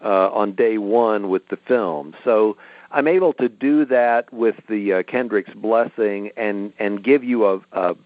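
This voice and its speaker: A middle-aged man with a lowish voice talks through his writing process in an easy, explanatory manner. He comes through a tinny phone line, and the sound is dry and close with no room echo. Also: a little slow. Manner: relaxed, explanatory storytelling. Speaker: author guest. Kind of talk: interview over a phone line.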